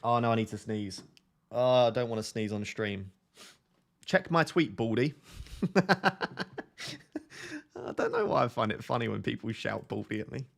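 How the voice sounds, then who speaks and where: A man's voice: lowish voice, very animated, fairly quick, vocal fry. A man hosting a casual fantasy football live stream, reading viewer comments aloud and joking and laughing with them.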